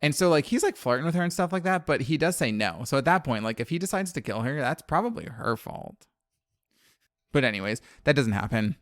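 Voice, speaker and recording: A man's voice: mid-range voice, animated, fairly quick, fairly bright tone, dry recording, clean studio sound. A man from New Orleans co-hosting a podcast, recapping a horror film in casual, profane chat and laughing often. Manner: chatty, profane, laughs often, many fillers.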